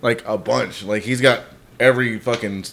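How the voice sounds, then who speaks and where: A man's voice: mid-range voice, steady tone, moderate pace, vocal fry, a bit bright. A man sitting in as a podcast guest, swapping stories in loose, casual talk. He is laid-back and swears freely as he recounts a drunk friend's antics. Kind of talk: casual chat.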